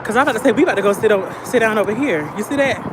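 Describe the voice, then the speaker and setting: A trans woman who lives in her car, chatting in slangy storytelling on a phone livestream while she walks outdoors in a field near a highway. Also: rapid-fire. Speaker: vlogger living in a car. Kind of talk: casual livestream chat. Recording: loud outdoor traffic noise. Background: highway traffic.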